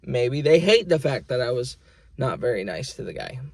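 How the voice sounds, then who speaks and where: A man's voice: medium pitch, sing-song, normal speed, gravelly. A man vlogging, ranting in a rambling, profane and aggrieved way about being ignored at work. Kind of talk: casual venting monologue.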